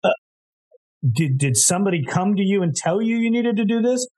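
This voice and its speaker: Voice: mid-range voice, expressive, brisk, a little mellow. An interviewer asking casual questions and sometimes stumbling over the first words.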